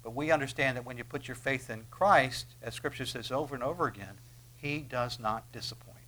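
A man's voice: medium pitch, fast, fairly bright tone. A man preaching a sermon in a loose, conversational way. He asks his listeners questions and briefly acts out the voices of the people he quotes.

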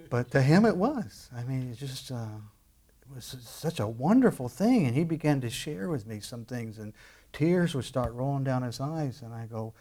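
A middle-aged pastor preaching in an easy, conversational way. His voice sits at an ordinary pitch for a man, and his talk is full of small restarts and fillers before he swells into loud, emphatic stretches. It sounds like a sermon delivered from the pulpit. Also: expressive, moderate pace.

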